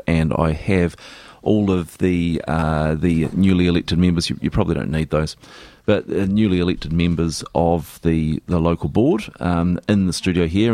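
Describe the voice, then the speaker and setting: A man's voice: low voice, a little mellow, no room sound. A man hosting a local radio show in the studio, chatting loosely with fillers and restarts. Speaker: radio host. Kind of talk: casual radio talk and interview.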